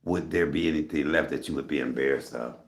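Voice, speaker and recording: Deep gravelly man, coughing. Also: fast. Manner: chatty, greets viewers by name, coughing between phrases. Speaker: livestream host. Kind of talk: casual livestream chat. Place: home room. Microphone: phone on a tripod.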